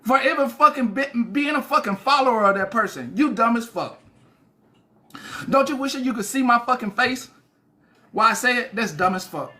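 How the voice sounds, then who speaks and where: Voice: mid-range voice, animated, moderate pace, pushed and bright. A livestreamer ranting at viewers in a profane, taunting, repetitive way, speaking into a phone indoors at home.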